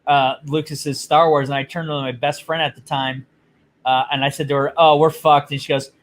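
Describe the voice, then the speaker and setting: A man's voice: medium pitch, level tone, brisk, fairly bright tone. A man co-hosting a casual chat, telling stories in a blunt, profane way. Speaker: podcast co-host.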